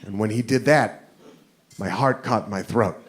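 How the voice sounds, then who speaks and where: With a lowish voice at a moderate pace, this American stand-up comedian tells a story that mocks himself while acting out the scene. The set is recorded live on a theater stage, with laughter and noise from the audience.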